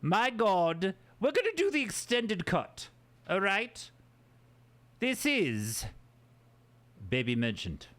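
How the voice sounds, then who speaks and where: Goofy, lively man streaming to chat. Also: high-pitched, takes it slowly, pauses often. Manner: goofy, playful banter with chat. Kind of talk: casual livestream chat.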